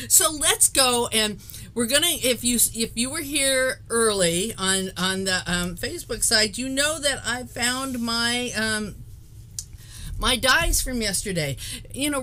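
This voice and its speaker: Bubbly, bright-voiced woman host. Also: fairly high pitch, slight background noise. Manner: chatty, laughs often, rambling restarts. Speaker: host of a live card-making stream. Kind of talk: casual live-stream chat.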